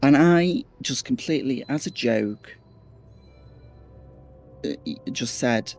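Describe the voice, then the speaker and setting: Liverpool-accented man, podcast guest, chatty storyteller, mid-pitched, faint music under him. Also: slow pace, gravelly. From Liverpool, England. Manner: animated, repeats words, acts out quotes, swears casually. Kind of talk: casual storytelling.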